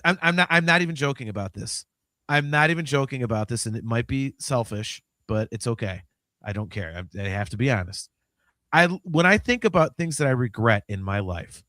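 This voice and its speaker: A man in his fifties hosts a podcast in casual chat, animated and swearing freely as he swings between mumbled asides and loud outbursts. His voice is medium-pitched, and the studio-quality recording has no room sound.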